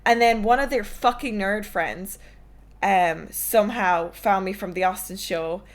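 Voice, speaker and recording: A woman's voice: mid-range voice, measured pace. A young woman in her twenties, streamer and podcast host, chatting casually and candidly and telling stories with swearing. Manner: candid, swearing, storytelling with laughs.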